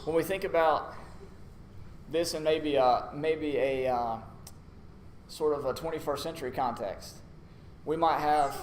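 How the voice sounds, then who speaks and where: A man's voice: on the high side, unhurried, pauses often. A man preaching a sermon in a conversational, storytelling way, acting out short asides. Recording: echoey room with faint noise.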